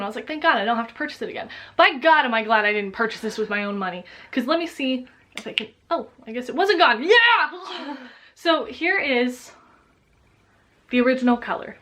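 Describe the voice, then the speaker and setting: A young woman talking about makeup in a casual vlog, dramatic and swearing, growing loud when excited. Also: fairly high pitch. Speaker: beauty vlogger.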